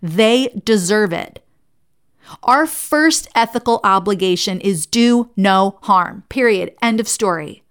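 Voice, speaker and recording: A woman's voice: mid-range voice, lively intonation, takes it slowly, clear, resonant tone. A woman who is a licensed therapist, giving an earnest, conversational talk to fellow therapists and telling stories along the way.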